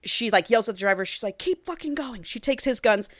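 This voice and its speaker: A woman's voice: mid-range voice, fast talker, no echo. Woman podcast co-host, mid voice, breezy and profane storyteller, dry booth sound. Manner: breezy, animated retelling with quoted character lines; profane, cheeky. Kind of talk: casual chat recapping a romance novel.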